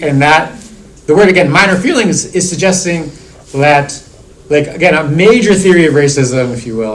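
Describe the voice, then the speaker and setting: A man's voice: medium pitch, a little hiss or hum, low-quality recording. A middle-aged man, a university lecturer, talking through theory in a classroom seminar, circling back with restarts and fillers. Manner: discursive, many restarts and "like" fillers.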